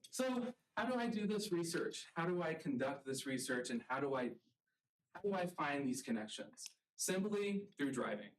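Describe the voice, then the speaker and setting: A man from the rural American South giving a public lecture as a college art professor, earnest and halting, with frequent ums. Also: medium pitch, recorded from a distance, poor audio.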